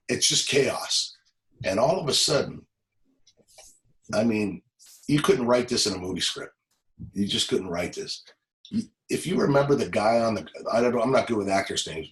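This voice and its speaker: A man from Los Angeles, a former police officer, telling an emotional personal story in an interview, halting and repeating words as he goes. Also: fairly low pitch, rough recording.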